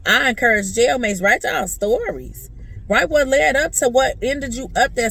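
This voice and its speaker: A middle-aged woman speaks in an emotional personal vlog from a parked car, earnest and preachy, stumbling into restarts and repeating phrases. Her voice has a gravelly fry and sits at a middle pitch. A faint hum of vehicle noise runs underneath. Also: fairly bright tone. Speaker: vlogger and mother.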